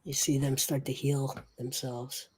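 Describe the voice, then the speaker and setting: A woman game master guides players through a tabletop game with a deep, low voice and slow, measured pace. She asks for saving throws, reads out damage, and describes the scene in an unhurried way. Her delivery stays relaxed and methodical. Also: a little hiss or hum.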